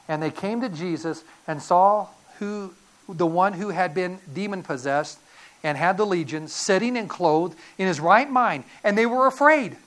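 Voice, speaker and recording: A woman preacher giving a sermon, telling the story dramatically and acting out voices. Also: fairly low pitch.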